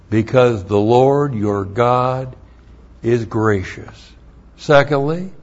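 A man preaching an expository Bible sermon, teaching slowly and deliberately with emphatic rises. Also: mid-range voice, darkish tone. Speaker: pastor. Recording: dull lo-fi recording.

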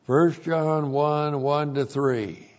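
Man, Bible teacher, expository teaching, very slow pace, repeats words for emphasis, muffled lo-fi recording. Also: fairly high pitch, steady tone, a little mellow.

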